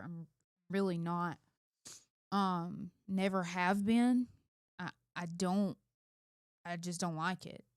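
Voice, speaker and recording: Smooth-voiced woman talking frankly. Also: lowish voice, darkish tone, no room sound, studio quality. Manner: emphatic, candid, self-reflective. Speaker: co-host, mother of two. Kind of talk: casual chat.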